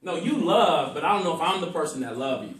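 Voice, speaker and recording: A man teaching a group about love, speaking emphatically and deliberately varying his voice for effect. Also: a little high, lively intonation, fairly bright tone, distant mic. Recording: echoey room, speaker away from mic.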